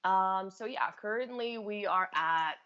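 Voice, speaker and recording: A woman in her twenties, a native Serbian speaker, chatting as a guest in a relaxed, matter-of-fact way. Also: mid-range voice, measured pace, clear, resonant tone. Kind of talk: casual chat. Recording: dull lo-fi audio.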